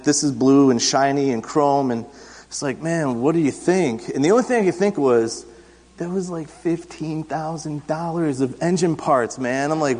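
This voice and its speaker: A man in his thirties preaching an interactive sermon, asking the congregation questions and telling self-deprecating stories in a conversational way. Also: on the high side. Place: church sanctuary. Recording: long church reverb.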